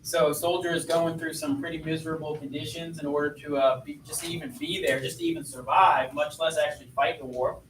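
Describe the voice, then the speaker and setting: A man's voice: fairly high pitch, expressive, a little fast, hardly any pauses, fairly bright tone, recorded from a distance, a little hiss or hum. Man lecturing in an echoey classroom. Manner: conversational, asks students questions. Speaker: history teacher.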